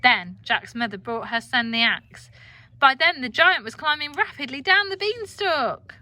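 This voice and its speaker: An English woman teacher reading a children's storybook aloud with expressive, animated delivery. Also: sits high, a little slow, no echo.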